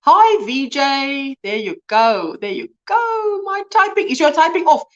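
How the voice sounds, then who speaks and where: High lively woman host. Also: a little slow, highs cut off. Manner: chatty, exclaims and greets viewers by name. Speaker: livestream host. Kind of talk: casual chat reading comments.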